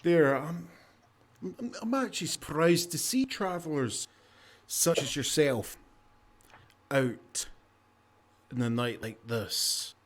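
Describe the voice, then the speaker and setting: A man putting on a chatty high-voiced tavern keeper. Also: lively intonation, slow pace, long pauses. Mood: welcoming. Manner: chatty, fussing host. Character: fussy welcoming tavern keeper.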